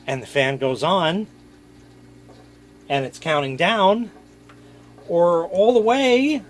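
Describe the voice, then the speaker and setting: A man's voice: high voice, slow pace. A man casually showing an old gadget on camera, joking and mocking himself as he rambles. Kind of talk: casual show-and-tell.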